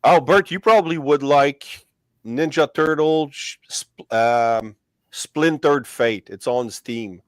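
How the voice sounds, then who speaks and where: A man's voice: a little high, takes it slowly, no room sound. A man hosting a casual livestream chat, rambling and restarting his sentences with lots of fillers. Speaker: host of a collectibles channel livestream.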